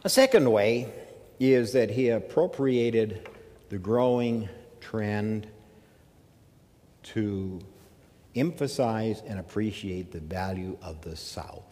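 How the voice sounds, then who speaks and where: A man from the American South giving a measured academic lecture, with emphatic phrasing and pauses. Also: fairly low pitch, dark tone, long reverb tail. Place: lecture hall.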